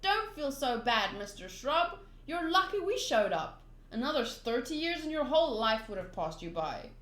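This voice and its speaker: A woman voices a carefree young male pirate captain who speaks bluntly and cheerfully, pitching her voice high above her own. Her delivery is a bit bright, at normal speed, with big pitch swings, and the recording has a roomy echo.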